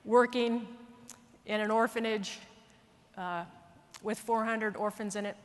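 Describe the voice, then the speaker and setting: A woman military leader telling a story in an earnest, animated way, speaking at a conference. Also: mid-range voice, unhurried. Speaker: military leader giving a speech. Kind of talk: storytelling speech. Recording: long reverb of a large hall.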